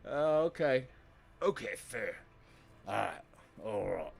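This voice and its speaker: Low-voiced man streaming a game. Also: big pitch swings, slow, vocal fry, long pauses, soft background music. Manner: low, muttered mock-villain asides. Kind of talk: casual gameplay commentary.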